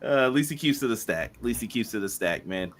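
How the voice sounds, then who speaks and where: On the low side and animated, this man talks at a quick pace while co-hosting a wrestling podcast. He casually reads viewer chat aloud and shouts out people by name in upbeat live-stream chat.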